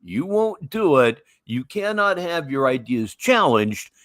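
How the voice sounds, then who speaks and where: A man's voice: fairly high pitch, big pitch swings, takes it slowly, a bit bright, dry recording, studio quality. A man in his sixties hosting a livestream, telling rambling stories in a wry, casual way. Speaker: livestream host. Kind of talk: casual storytelling and live commentary.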